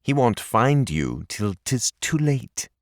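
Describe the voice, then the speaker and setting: A menacing male kidnapper with curt, cold threats, as a man reads him in an audiobook. The voice sits a little above the reader's own and moves slowly. It sounds close and dry. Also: mid-range voice, wildly swooping pitch, vocal fry, a bit bright, no echo, voice pushed up, exaggerated voice. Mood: threatening.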